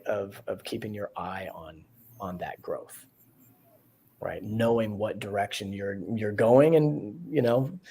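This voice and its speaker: A man's voice: fairly low pitch, warm tone, husky. A man co-hosting a podcast in casual chat, rambling and reflective, laughing often. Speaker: podcast co-host.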